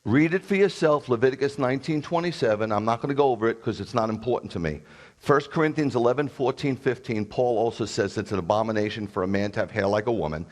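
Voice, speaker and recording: A man delivers a sermon in a blunt, confrontational voice, his pitch sitting in an ordinary middle range. He throws in sarcastic asides and challenges the listeners directly. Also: fast talker, a little mellow. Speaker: rabbi.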